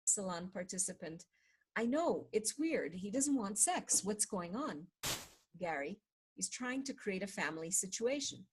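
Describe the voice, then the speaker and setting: A woman reading a book aloud in a measured way, slowing down on repeated chant-like refrains. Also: mid-range voice, sing-song, slightly rough, poor audio. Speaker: reader of a book.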